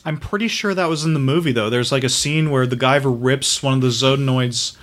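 A man co-hosting a casual movie podcast who chimes in with quick corrections. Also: medium pitch, a bit bright.

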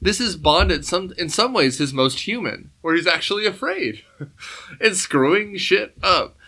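A man on a podcast talks through an old spy film in a loose, animated way, swearing freely as he goes. His voice is bright and forceful and sits a little high for a man. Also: unhurried. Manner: animated, acts out gangster lines, swears casually. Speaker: podcast co-host. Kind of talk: casual film discussion.

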